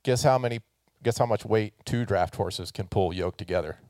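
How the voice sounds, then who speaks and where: A man's voice: fairly low pitch, normal speed, darkish tone, dry recording, studio quality. A man preaching a sermon to a congregation, casual and joking, asking the listeners to answer and raise hands. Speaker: pastor.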